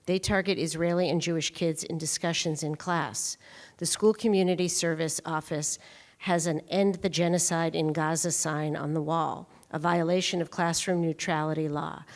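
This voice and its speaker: A woman's voice: low-pitched, fairly even intonation, moderate pace. A woman on a conference panel, reading a prepared case scenario aloud.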